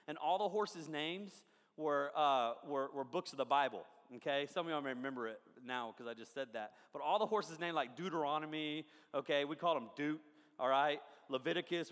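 High, bright-voiced pastor preaching. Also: male voice, big-room sound. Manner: animated, jokey, asks the crowd often. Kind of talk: sermon with storytelling. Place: large church hall.

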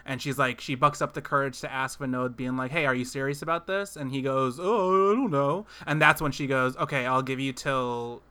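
A male podcast co-host with a bright, forceful tone, chatting casually. He rambles through a film's plot, circling back on himself with fillers and restarts. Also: mid-range voice, fairly even intonation, brisk, hardly any pauses, clear, resonant tone. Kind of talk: casual chat retelling a film plot.

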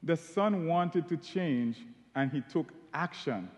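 A man delivers a sermon, slowing down and leaning hard on the words he wants to stress. His voice sits a little higher than most men's. The sound carries the long reverb of a large hall. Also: expressive. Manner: emphatic, stretching key words for stress. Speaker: preacher.

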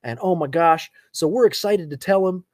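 Male podcast co-host, thirties, animated storyteller, slightly raised pitch. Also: normal speed, dry recording. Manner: animated storyteller, laughs through his anecdotes. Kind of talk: casual chat.

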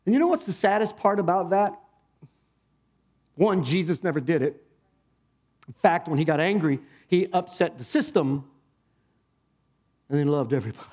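Male pastor, fairly high voice, animated conversational sermon, keeps questioning the congregation. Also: moderate pace, long pauses. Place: church, speaking to a congregation.

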